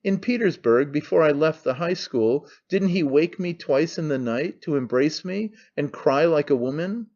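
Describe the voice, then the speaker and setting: Man reading as a cynical young son, mocking, offhand, slightly high voice, dull lo-fi sound. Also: expressive, moderate pace, hardly any pauses, a little mellow. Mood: scornful. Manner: sneering, offhand, needling.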